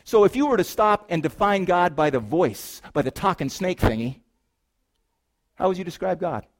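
A man's voice: high-pitched, lively intonation, normal speed. A man preaching a sermon as pastor, reading scripture and then riffing on it with playful asides and rhetorical questions to the congregation.

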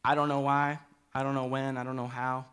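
A man preaching a sermon to his church, speaking in an earnest, halting way and pleading gently with his listeners. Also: mid-range voice, little pitch movement, smooth. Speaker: pastor. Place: church hall.

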